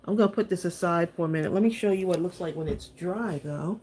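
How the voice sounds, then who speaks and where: A woman's voice: on the low side, fast, mellow, husky. Chatty woman hosting a craft stream. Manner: chatty, laughs often, addresses viewers as y'all. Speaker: craft channel host. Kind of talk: live-stream crafting chat and demo.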